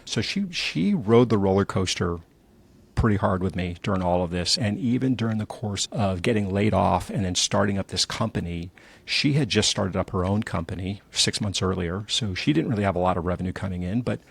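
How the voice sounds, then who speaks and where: Middle-aged male guest, low husky rasp, lively anecdotes. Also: fairly quick, no echo. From New Jersey. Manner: animated storyteller, acts out quotes. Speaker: entrepreneur guest. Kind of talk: candid conversational storytelling.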